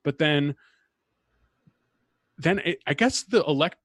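A man's voice: fairly high pitch, animated, slow, fairly bright tone, no echo, studio quality. A man co-hosting a casual chat, talking in a wry, chatty way full of hedges and fillers. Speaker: podcast co-host.

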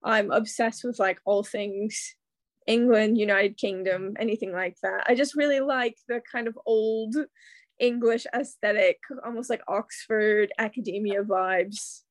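A woman's voice: medium pitch, steady tone, unhurried, no room sound. A young American woman, a guest on a podcast, telling her story in casual chat, full of "like" and "um". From Kansas City, USA. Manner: chatty, many fillers like "like" and "um". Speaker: guest, secondary English teacher.

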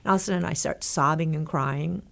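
Here the same low-voiced, middle-aged Texas woman races through her anecdote at a fast clip, her words edged with vocal fry. As an interview guest she tells it in excited, breathless spurts, acting out the dialogue of everyone she quotes.

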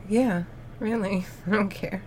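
A woman co-hosting a casual podcast game, answering quickly and offhandedly. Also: medium pitch, fairly even intonation, darkish tone, slight background noise. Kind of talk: casual chat, party game.

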